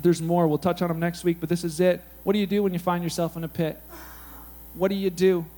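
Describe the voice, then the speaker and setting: High-voiced casual preacher. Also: male voice, flat delivery, fairly quick, mellow. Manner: casual, conversational, asks the audience questions. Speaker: pastor. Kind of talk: sermon.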